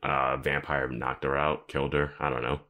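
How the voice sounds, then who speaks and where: A man co-hosting a podcast, giving wry, animated commentary in casual chat. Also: rumbling low, normal speed. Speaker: podcast co-host.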